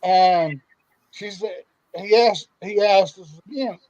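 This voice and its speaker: High-voiced man stammering through a story. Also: takes it slowly, a little mellow, lo-fi sound. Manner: stammering, repeats words as he tells a story. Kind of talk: casual storytelling chat.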